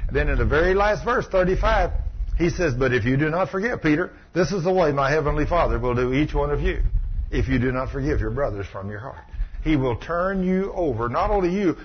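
A man preaches a sermon woven with storytelling, as a folksy, emphatic healing school teacher who retells conversations as he goes. His fairly high voice is quick, with lively intonation. The recording is muffled, with faint background hiss.

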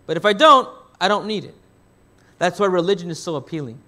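In a brisk, sharp-toned sermon, a male pastor with a high voice and lively intonation questions the congregation and supplies the answers himself. He rephrases as he goes, often restarting mid-thought.

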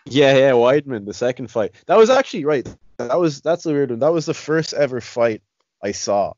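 A man's voice: medium pitch, very animated, normal speed, darkish tone, no room sound. A man chatting casually about fights, rambling with many restarts and "you know". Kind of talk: casual chat. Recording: dry, slightly dull lo-fi sound.

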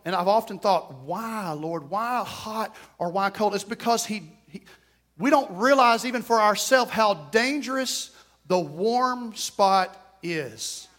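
A man with a notably high speaking voice preaches in church. His delivery is fervent yet conversational. He drops into quiet, joking asides with the congregation, then rises into loud exclamations. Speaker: pastor. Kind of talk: sermon.

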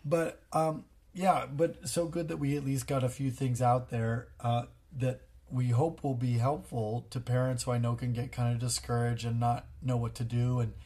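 Guy in his 30s chatting about parenting, earnest, mid-pitch, acts out little dialogues. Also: little pitch movement, moderate pace, few pauses, mellow. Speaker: podcast co-host. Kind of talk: casual parenting chat.

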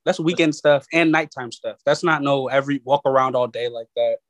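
A young man guesting on a podcast, chatting casually in a laid-back, halting way that often trails off. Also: mid-range voice, fairly even intonation, dry recording. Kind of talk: casual chat.

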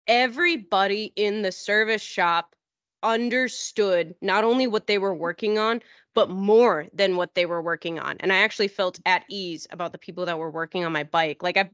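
A woman chatting on a podcast, telling a rambling story and jumping up in pitch when she acts out what others said. The sound is dry with no room at all. The audio is dull and a bit lo-fi. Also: fairly bright tone, no echo. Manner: rambling, acts out quoted people in a higher voice. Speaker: podcast host. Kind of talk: casual storytelling chat.

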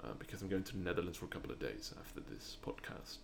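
Gravelly and low-pitched, this young podcast host talks quickly with lively intonation over slight background noise. Alone on his show, he rambles, restarting often and using many fillers, in non-native English that leans British.

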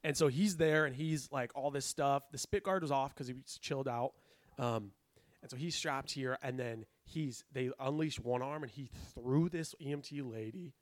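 A man's voice: mid-range voice, normal speed, no echo. A man telling a long story in casual chat, acting out the people he quotes. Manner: animated, acts out quotes with raised voice. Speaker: podcast guest telling a story.

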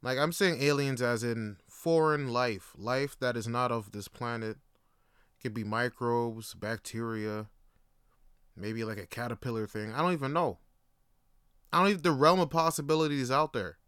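A man's voice: medium pitch, normal speed, fairly bright tone, smooth, no echo, studio quality. A young adult man hosting a solo podcast, musing aloud in a loose, slangy, rambling way. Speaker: podcast host. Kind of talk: casual solo monologue.

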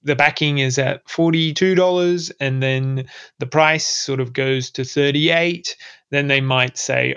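A man's voice: medium pitch, fairly even intonation, measured pace, vocal fry, a bit bright, smooth. A man with an Australian accent hosting a casual podcast, explaining crypto news in a laid-back, rambling way with lots of fillers. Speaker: podcast host.

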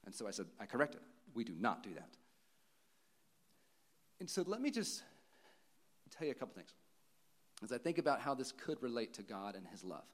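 A pastor in his thirties preaches a sermon in a mid-range voice with big swings in pitch. His manner is earnest and personal, telling stories with pauses and restarts.

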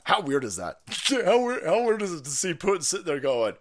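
A man hosting a livestream, ranting in a foul-mouthed, animated way and laughing often. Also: fairly high pitch, fairly quick. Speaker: livestream host.

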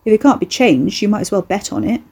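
A woman's voice: mid-range voice, big pitch swings, fast, warm tone, slightly rough. A woman voicing a cocky young male eldritch horror, breezy, slangy and boastful.

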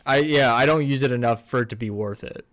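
A man's voice: medium pitch, quick pace, a bit bright, no echo, studio quality. A young man co-hosting a casual podcast, laid-back and rambling as he tells stories. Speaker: podcast co-host. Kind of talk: casual chat.

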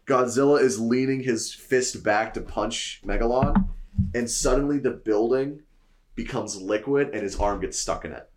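A man's voice: normal speed, slight background noise. A man co-hosting a podcast, loosely talking through a story idea with hesitations and fillers. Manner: loose, hesitant pitching with "you know" and "like". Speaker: podcast co-host. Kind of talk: casual chat.

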